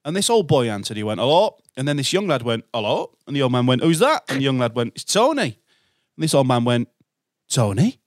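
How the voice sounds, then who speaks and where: A man's voice: mid-range voice, fast, no room sound, clean studio sound. A man hosting a podcast, telling anecdotes in casual chat. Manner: chatty, anecdotal. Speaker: podcast host.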